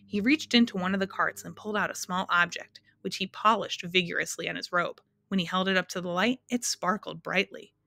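A woman's voice: fairly low pitch, steady tone, a little fast, gravelly, hardly any pauses, pushed and bright. Woman reading a storybook aloud. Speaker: narrator.

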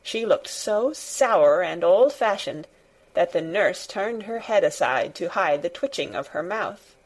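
A woman narrating a classic children's storybook in a measured, deliberate way. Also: lowish voice, lively intonation. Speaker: reader. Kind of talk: audiobook narration.

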